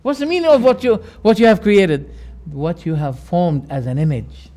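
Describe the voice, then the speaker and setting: A man teaching a lecture on religious creed, emphatic and repeating key words, with sharp rises and quiet drops. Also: high-pitched, moderate pace.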